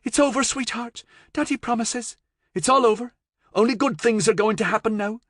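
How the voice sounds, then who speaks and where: A desperate, worn-out father, put on by a male audiobook narrator, pitched well above a man's usual range, his voice strained and pleading and quick to break into outraged shouts. The delivery swings widely, with a dry, close sound. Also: big pitch swings, no room sound. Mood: soothing. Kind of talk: audiobook character voice.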